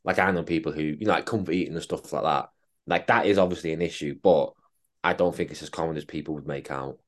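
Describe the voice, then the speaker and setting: A man's voice: rumbling low, fast. A young man, a fitness coach in casual chat, blunt and sweary, calling his co-host mate.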